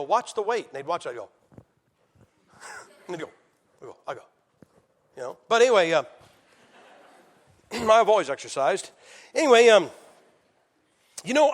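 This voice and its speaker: A middle-aged man preaching, an evangelist telling his own story in a conversational, emotional and direct way. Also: fairly high pitch. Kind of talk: sermon testimony.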